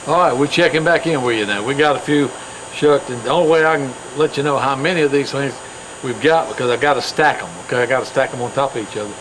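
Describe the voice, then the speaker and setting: A man's voice: medium pitch, fast talker, background noise. A man from the hosting a show on his farm, talking in a chatty, rambling way with many fillers and restarts. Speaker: host. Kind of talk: casual folksy chat.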